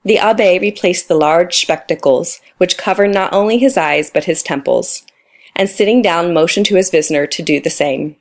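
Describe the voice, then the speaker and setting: A woman's voice: fairly low pitch, normal speed. A woman narrating a classic novel audiobook, reading the dialogue in her own voice. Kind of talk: scripted narration.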